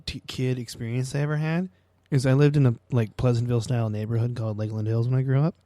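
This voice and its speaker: A young man co-hosts a casual podcast and tells his stories with animated, profane energy. His voice sits at a middle pitch and sounds dry and close, with no room echo. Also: quick pace. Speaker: podcast co-host. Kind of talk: casual chat.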